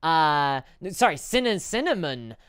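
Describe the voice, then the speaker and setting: A woman's voice: low-pitched, sing-song, moderate pace, clean tone, no room sound, clean studio sound. A woman chatting casually on a live stream, reading out and answering chat messages, rambling and stumbling over her words.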